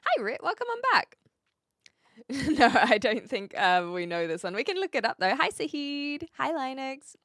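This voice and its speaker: A woman's voice: sits high, very animated, moderate pace, fairly bright tone, no room sound, clean studio sound. A woman from New Zealand with a light accent, chatting casually with viewers on a live stream, laughing often and trailing off mid-sentence.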